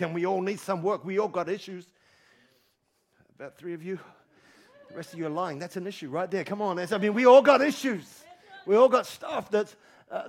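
A pastor with a high-pitched, gravelly voice delivers a sermon to a congregation in a church hall. He preaches emphatically, repeating phrases, rising to shouts and then dropping low.

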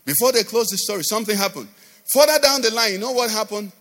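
Male pastor, high and lively voice, sing-song call-and-response preaching, long church-hall reverb. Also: fast. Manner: sing-song emphatic delivery. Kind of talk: sermon.

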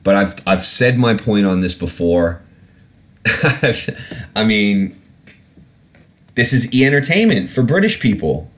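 A man's voice: fairly low pitch, sing-song, takes it slowly, long pauses. Swearing, irate man ranting on a podcast. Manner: heavy swearing, sarcastic, gets irate then apologizes. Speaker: podcast host. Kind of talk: casual podcast rant.

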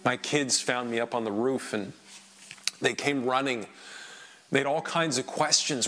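A man performing an emotional first-person dramatic monologue, swinging between hushed lines and loud outbursts. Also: medium pitch, normal speed. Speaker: dramatic storyteller.

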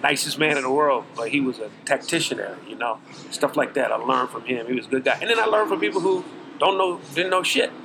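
A man's voice: medium pitch, fairly quick, creaky, background noise. A middle-aged man, a podcast guest, giving earnest, preachy life advice in casual talk full of slang. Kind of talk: casual interview chat.

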